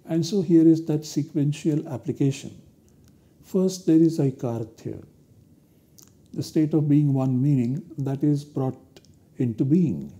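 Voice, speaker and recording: A man giving a university lecture, explaining step by step in a slow, deliberate way. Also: a little high, mellow. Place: recorded lecture studio.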